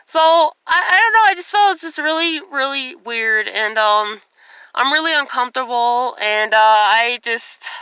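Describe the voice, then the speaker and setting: A woman's voice: high-pitched, lively intonation, moderate pace, sharp tone, clean tone, no room sound. A young woman vlogging in a distressed, tearful state, rambling with lots of "like" and swearing. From United States. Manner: rambling, heavy use of "like", profane. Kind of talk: casual personal vlog rant.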